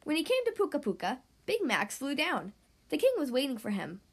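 Brief: a woman narrating a kids' storybook, high and lively. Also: brisk. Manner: warm, expressive reading. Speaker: podcast host and reader. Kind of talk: storybook read-aloud for children.

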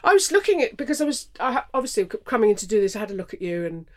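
A woman's voice: fairly high pitch, very animated. Reflective middle-aged woman actor. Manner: reflective, halting with restarts. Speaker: guest, actor. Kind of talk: casual interview chat.

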